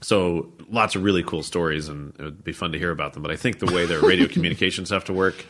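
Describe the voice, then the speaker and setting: A man talking casually as a podcast guest, with a calm, radio-style delivery and frequent laughter. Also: low-pitched, fast, a little hiss or hum. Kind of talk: casual conversation.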